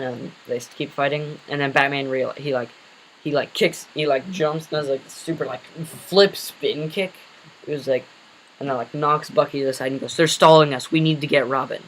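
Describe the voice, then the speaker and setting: A man's voice: medium pitch, slight background noise, rough recording. A man casually retelling an invented superhero story, rambling with many fillers and self-corrections.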